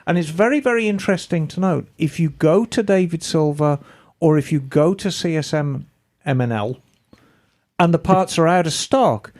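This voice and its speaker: Chatty podcast host, lively voice. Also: female voice, sits low, moderate pace. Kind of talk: casual chat, reading listener email.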